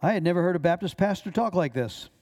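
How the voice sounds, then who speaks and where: A man who is a minister, reading a personal testimony aloud in a measured way, with small stumbles. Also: high voice, lively intonation, a little mellow.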